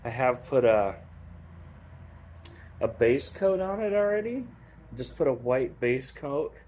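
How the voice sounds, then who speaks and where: A man's voice: medium pitch, slow pace. A man casually explaining a do-it-yourself hobby project, rambling a bit and joking at his own expense. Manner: relaxed, rambling, self-deprecating asides. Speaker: hobbyist demonstrating skull hydro dipping. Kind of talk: casual how-to tutorial.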